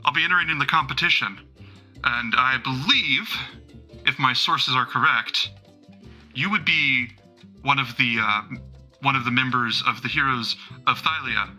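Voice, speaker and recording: A man's voice: medium pitch, normal speed, bright, forceful tone, faint music behind. A man voicing a pompous, smug male competitor with a showy, self-important way of talking.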